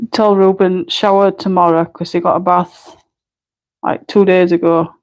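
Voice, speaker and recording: A woman from Barnsley with a Barnsley Yorkshire accent, chatting casually on a colouring live stream at home, blunt and quick to laugh, with mild swearing. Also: on the low side, a little mellow, low-quality recording. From Barnsley, England. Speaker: colouring livestreamer.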